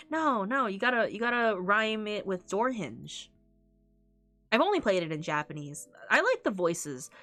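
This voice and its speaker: A woman's voice: medium pitch, sing-song, measured pace, pushed and bright, faint music behind. Giggly woman streamer chatting casually. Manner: giggly, rambling, laughs often.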